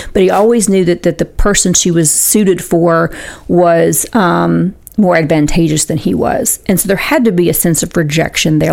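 Gravelly low-voiced woman radio host. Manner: earnest, retelling a story with many fillers and restarts. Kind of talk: radio talk show storytelling.

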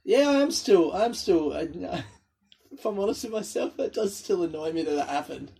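A man's voice: a little high, very animated, normal speed, creaky, a little mellow, slightly rough. A man, telling rambling, sweary stories on his own and laughing at his own jokes. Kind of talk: casual solo storytelling.

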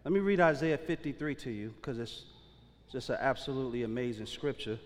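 A man's voice: medium pitch, animated, fairly quick. A man preaching a sermon as pastor, in a casual, slangy way that keeps checking in with the congregation. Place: church sanctuary. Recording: long reverb of a large hall.

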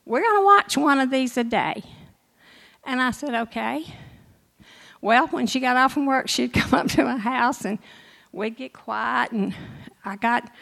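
Older woman, church testimony, emotional storyteller, slightly high voice. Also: creaky, low-quality recording. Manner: emotional, storytelling with laughs and quoted dialogue. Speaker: church member giving testimony.

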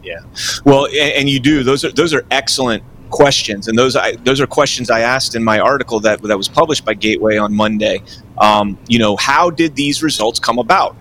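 A man talks through his case at length, hedging with filler phrases as he goes. His voice sits at a middling pitch, and a faint low rumble hums behind him. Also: moderate pace, fairly bright tone. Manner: rambling, explanatory, hedges with "you know". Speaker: political writer, guest. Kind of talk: casual political commentary.

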